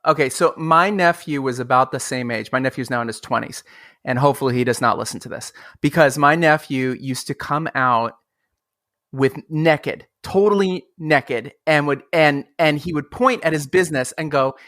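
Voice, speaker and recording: A man hosting a podcast interview, enthusiastic and animated, telling stories with lively energy. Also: fairly high pitch, moderate pace, dry recording, studio quality. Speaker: podcast host. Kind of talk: casual interview chat.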